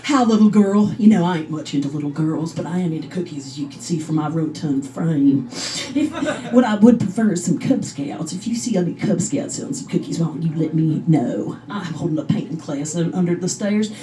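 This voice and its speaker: A creepy heavyset man drawls in a low, leering voice, as a woman comic puts him on. He lingers over his words with slow menace. The voice sits a little back from the mic. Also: lively intonation, dark tone, far from the mic, poor audio.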